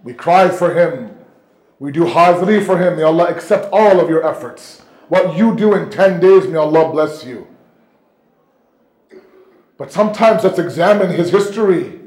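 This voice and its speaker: A male preacher telling a sacred story in an emotional sermon, swinging between hushed tones and near-shouting. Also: a little high, moderate pace. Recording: roomy echo.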